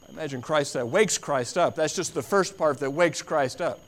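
A man preaching a sermon in an emphatic way, repeating phrases for stress and swinging from quiet to loud. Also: fairly high pitch, moderate pace, few pauses. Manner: builds from quiet to loud, dramatic.

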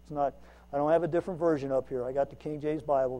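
A man with a notably high voice delivers a sermon as a lay preacher. His talk is folksy and self-mocking. He swings between loud, emphatic lines and quiet asides. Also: fairly even intonation, quick pace.

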